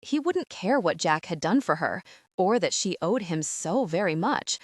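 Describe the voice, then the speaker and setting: A woman narrating a romance audiobook in a measured, even storytelling manner. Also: lowish voice, no echo, studio quality.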